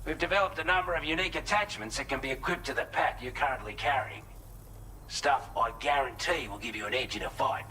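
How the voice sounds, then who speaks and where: Man playing an Aussie shelter tech, bright voice. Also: mid-range voice, fairly quick, slight background noise, natural voice, low-quality recording. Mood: briefing. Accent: Australian. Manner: upbeat, matter-of-fact briefing. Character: friendly adult male shelter tech briefing a courier. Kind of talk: video game dialogue.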